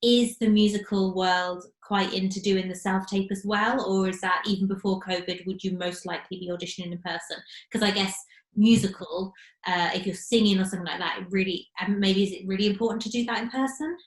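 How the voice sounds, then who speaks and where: A British woman co-hosting a podcast, chatting in a giggly, apologetic way and quick to cut in. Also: medium pitch, fairly even intonation. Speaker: podcast co-host. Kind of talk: casual chat. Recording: roomy echo.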